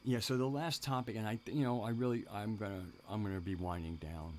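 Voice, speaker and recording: A man with a very low voice hosts a casual live stream. He rambles, restarts sentences and breaks off to talk to his viewers in the chat. Faint noise and crickets sit behind his voice. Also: fairly even intonation, brisk, a little mellow.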